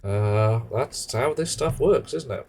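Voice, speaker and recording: A man's voice: medium pitch, lively intonation, takes it slowly, darkish tone, slight background noise. A man chatting casually on a live game stream, rambling and joking in muttered asides. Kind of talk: casual live-stream chat while gaming.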